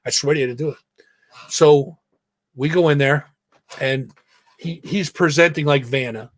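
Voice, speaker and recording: Speaking at a moderate pace in a slightly high voice, this man hosts a podcast from his home studio, and the recording is dry. His storytelling is profane and lively, with the characters' lines acted out. He uses his own microphone and mutes it to vape.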